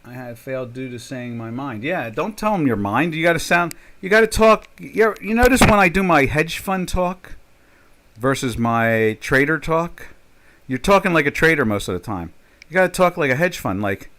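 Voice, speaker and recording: A man's voice: on the high side, animated, normal speed, a bit bright. An older man chatting casually as a trader on a live stream, rambling and joking, with many fillers and restarts. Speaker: trader hosting a live chat.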